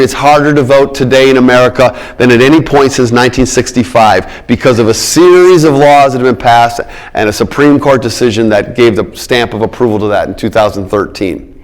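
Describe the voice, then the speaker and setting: A middle-aged man lectures on politics in an emphatic way, hammering home his key words. He keeps checking in with his listeners, and his voice sits at an ordinary middle pitch for a man. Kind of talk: public lecture.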